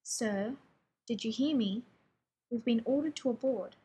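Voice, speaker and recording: A woman's voice: a little high, a little slow, mellow, breathy edge. A woman reading the lines of a nervous young male soldier who speaks hesitantly. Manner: hesitant, shaken.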